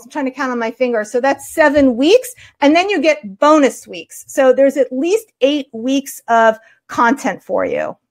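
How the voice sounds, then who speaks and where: A woman with a New York accent, an art teacher hosting a live webinar and answering viewers' questions in an upbeat, chatty way. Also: sits high.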